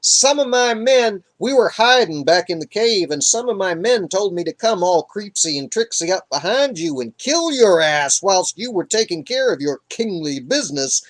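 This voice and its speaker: A man's voice: high-pitched, lively intonation, moderate pace, few pauses, pitched above the performer's own voice. A man voicing a casual, folksy young man explaining himself in a retold story.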